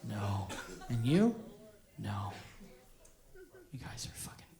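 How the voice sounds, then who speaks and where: Loud profane male stand-up comic. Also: on the low side, sing-song, takes it slowly, over loud music. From Canada. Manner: profane, loud, crowd-baiting delivery. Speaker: stand-up comedian. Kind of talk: stand-up comedy set. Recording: live club set with loud crowd laughter.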